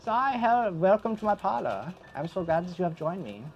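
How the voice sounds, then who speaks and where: A man's voice: sits high, big pitch swings, brisk, lo-fi sound, slight background noise, voice pushed up. A man voicing a sly, playful male ghost who hosts twisted games, speaking in a teasing sing-song.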